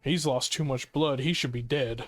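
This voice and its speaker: A man voicing a shaken grown man in a tabletop game, speaking haltingly and grimly. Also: medium pitch, close to an everyday voice. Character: shaken man defending a hard choice.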